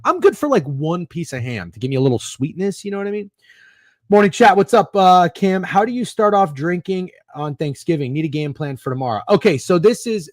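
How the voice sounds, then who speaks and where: A man, wandering from one opinion to the next and swearing freely. His voice sits a little high for a man. The sound is close and dry. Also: no echo. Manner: rambling, profane, opinionated. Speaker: sports betting podcast host. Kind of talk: casual chat reading live comments.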